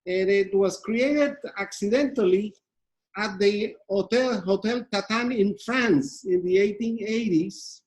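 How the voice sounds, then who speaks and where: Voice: medium pitch, takes it slowly, a little mellow, rough recording. A presenter giving a live cooking demonstration, speaking hesitantly with many fillers and restarts and explaining step by step. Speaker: pastry demonstrator.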